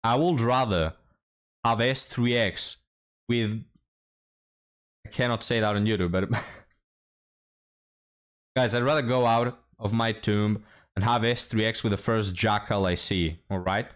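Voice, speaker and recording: A man's voice: fairly low pitch, steady tone, measured pace, pauses often, fairly bright tone. A man hosting a reaction commentary, blunt and mocking as he talks to his viewers. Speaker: commentary host.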